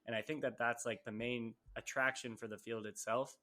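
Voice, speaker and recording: A young man co-hosting a podcast, talking in a relaxed, rambling way with many fillers. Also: medium pitch, moderate pace. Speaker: podcast co-host. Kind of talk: casual interview conversation.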